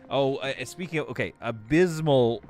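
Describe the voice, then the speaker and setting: A man's voice: mid-range voice, animated, moderate pace, faint music behind. A man streaming a game live, rambling and joking as he thinks aloud while building. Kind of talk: casual live gameplay commentary.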